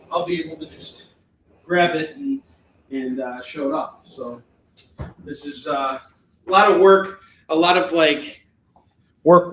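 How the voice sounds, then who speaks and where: A man's voice: on the high side, noisy background. A man hosting a live shopping stream, chatting casually and rambling with many fillers, at home. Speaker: live shopping show host. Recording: echoey room, mic at a distance.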